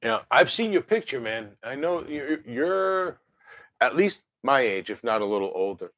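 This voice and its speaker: A man's voice: mid-range voice, sing-song, normal speed, a bit bright, no echo. Chatty man in his fifties. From New Jersey. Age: 50s. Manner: rambling and chatty, with many fillers and self-corrections. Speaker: livestream host. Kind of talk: casual livestream chat answering viewer comments.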